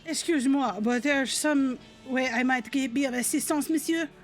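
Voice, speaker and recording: A woman's voice: high-pitched, faint music behind, lightly acted. A woman doing a fussy portly detective with mock French flair. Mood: courteous. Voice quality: mock French phrases, slow and drawn out. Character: portly fussy male detective, polite and grand.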